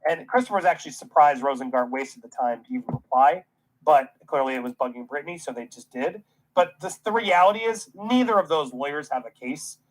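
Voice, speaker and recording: Fields: Role: ranting commentary host. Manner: indignant, sarcastic. Pitch: middle. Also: lively intonation, brisk, rough recording. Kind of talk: reaction commentary.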